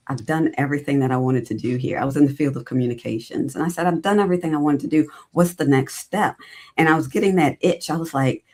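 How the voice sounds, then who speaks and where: Lively woman telling her career story. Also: low-pitched. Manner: animated, acts out her own past dialogue. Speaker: podcast guest, recruiting entrepreneur. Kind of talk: casual storytelling interview.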